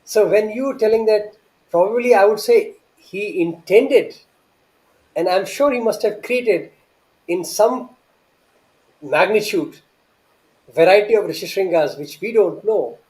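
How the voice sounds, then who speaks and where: Man, earnest anecdotal storytelling, high voice, warm tone. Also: unhurried, long pauses, poor audio. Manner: earnest, with frequent restarts and rhetorical questions. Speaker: guest recounting memories.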